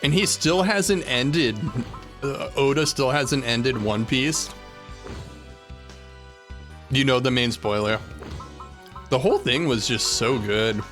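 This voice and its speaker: A man's voice: medium pitch, expressive, slow pace, pauses often, a bit bright, faint music behind. A man chatting casually during a live game stream, rambling and loose with lots of "like" and "uh" between thoughts. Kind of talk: casual live-stream chat while gaming.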